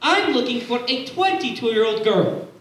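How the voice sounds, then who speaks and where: A woman's voice: on the high side, animated, recorded from a distance, close to an everyday voice. A young woman playing a brusque, impatient male casting director, asking short questions on a school stage. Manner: curt, slow, deliberate questions. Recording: echoey stage with faint hiss.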